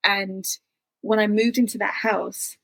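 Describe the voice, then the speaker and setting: A woman's voice: medium pitch, level tone, a little slow, creaky, a bit bright, no room sound. A woman, an interview guest telling a personal story in an intense, confessional way with many fillers.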